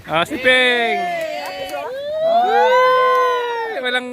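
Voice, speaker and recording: A woman's voice: a little high, a little slow, over a noisy crowd, very noisy. A woman with a Filipino accent in casual, teasing chat during a family outing by the sea.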